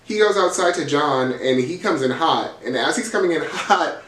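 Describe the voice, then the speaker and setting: A man's voice: fairly high pitch, animated, moderate pace, a bit bright, recorded from a distance. A man hosting a casual reality TV recap, telling the drama in a gossipy, profane, dramatic way. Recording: roomy, from off the mic.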